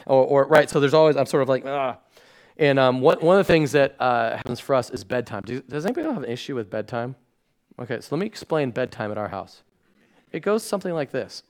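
Animated pastor telling stories. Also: male voice, medium pitch, a little fast. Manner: animated storytelling, acting out his own shouting at bedtime; drops to a soft hushed tone for reflective parts. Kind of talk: sermon. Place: church stage before a congregation.

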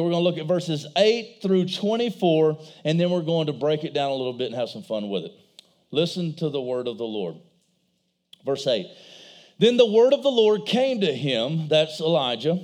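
Lively high-voiced male pastor preaching. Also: brisk. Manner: animated storytelling, acts out voices. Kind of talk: sermon.

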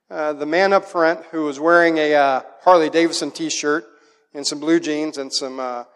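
High-voiced male pastor in a reverberant hall. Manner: animated storytelling, acts out a child's voice in quotes. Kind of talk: sermon with personal stories.

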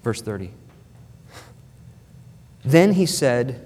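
A man's voice: fairly high pitch, animated, unhurried, darkish tone. A man preaching a sermon as pastor, emphatic and repeating phrases for stress. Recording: long hall reverb.

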